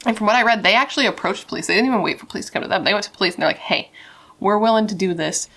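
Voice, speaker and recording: A woman's voice: mid-range voice, lively intonation, rapid-fire, sharp tone. A young woman telling a true crime story in a casual, chatty way, swearing and saying "like" a lot.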